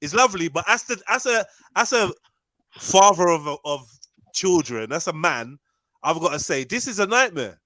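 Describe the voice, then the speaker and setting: A man's voice: high voice, sing-song, normal speed, pushed and bright. A man hosting a live panel podcast, teasing and bantering with slang. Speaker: podcast host.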